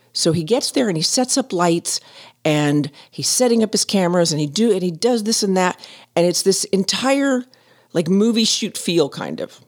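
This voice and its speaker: A middle-aged woman, chatting and telling a story as a podcast host, often laughing. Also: low-pitched. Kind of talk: casual storytelling.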